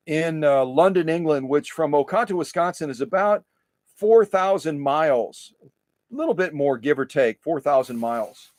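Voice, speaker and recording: A man's voice: a little high, a little mellow, dry recording. A middle-aged man casually chatting on a livestream while packing a machine in his workshop, repeating himself and poking fun at his own slips. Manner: chatty, repeats phrases, self-deprecating. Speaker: livestream host restoring sewing machines. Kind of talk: casual live-stream chat while working.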